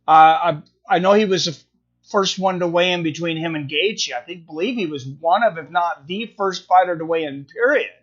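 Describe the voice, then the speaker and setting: A man with a high voice hosts a live stream, talking casually and answering viewers' comments. He thinks out loud, circling back with fillers and restarts. The sound is dull and lo-fi. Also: normal speed. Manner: rambling, thinking aloud with many fillers and restarts.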